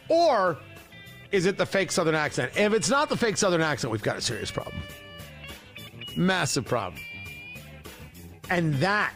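A man's voice: sits high, a bit bright. A male talk radio host giving opinionated, sarcastic commentary, often repeating words as he gets going. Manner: sarcastic, mocking, repeats words when worked up.

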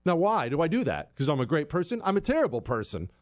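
A man's voice: on the high side, huge pitch swings, fast talker. Ranting, sarcastic male talk host. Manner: sarcastic, ranting, swings from loud to muttered asides. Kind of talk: opinionated monologue.

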